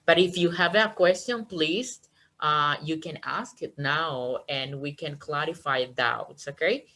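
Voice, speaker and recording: A woman's voice: low voice, a little slow, pushed and bright, poor audio. A woman teaching an online English class, encouraging her students and checking understanding with "okay?" after each point.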